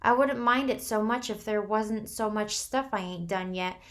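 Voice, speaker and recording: A woman's voice: moderate pace, close to an everyday voice. A woman reading the part of a badly hurt, frightened teenage boy, his voice shaky and pleading. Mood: scared. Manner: shaky, pleading, rising into high breaks.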